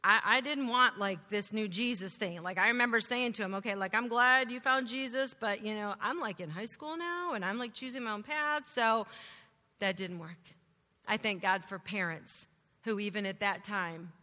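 Woman, church testimony speaker, bright higher voice, animated storyteller, long reverb of a hall. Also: normal speed. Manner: animated storytelling, acting out her teenage self. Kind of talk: testimony sermon.

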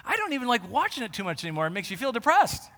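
Animated man preaching in a reverberant hall. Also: very high-pitched, racing. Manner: animated, swings from quiet asides to loud emphatic bursts. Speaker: pastor. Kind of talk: sermon.

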